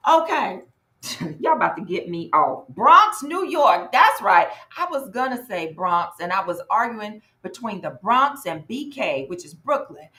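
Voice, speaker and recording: Slow-talking woman workshop host. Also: medium pitch, roomy sound. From North Carolina. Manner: lively, chatty, greets viewers in the chat by name. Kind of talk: live online workshop talk.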